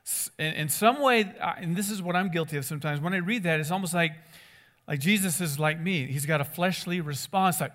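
A man preaching a conversational sermon as a pastor, animated and acting out voices in the stories he tells. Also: a little high, a little fast.

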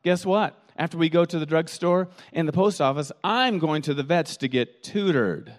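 A man's voice: on the high side, normal speed, big-room sound, natural voice. A man voicing a proud, boastful male cartoon dog who gloats to his neighbor. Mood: gloating.

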